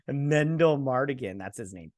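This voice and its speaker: A man hosts a casual episode recap and review, rambling through the plot and doing jokey put-on voices for the characters. His voice is medium-pitched and a little mellow, with lively intonation at a normal speed.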